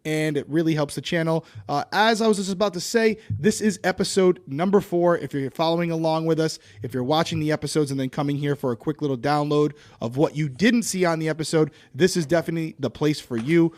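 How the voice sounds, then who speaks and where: A man in his thirties hosting a podcast, chatting in a relaxed, joking way and reading a sponsor spot. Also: fairly high pitch, brisk, hardly any pauses. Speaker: podcast host. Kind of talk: casual podcast chat with sponsor read.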